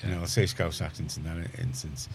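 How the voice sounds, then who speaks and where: Liverpool man, radio host, very low voice, rambling chatty talk with faint background hiss. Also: fairly even intonation, a little fast. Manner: rambling, chatty, many restarts. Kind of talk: casual studio chat. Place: community radio studio.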